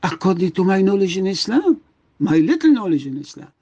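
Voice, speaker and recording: A man's voice: sits high, big pitch swings, fairly quick, warm tone, dull audio. An older man, a guest doctor, speaking with emotion and emphasis in a radio interview, often repeating his words. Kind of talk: impassioned radio interview talk.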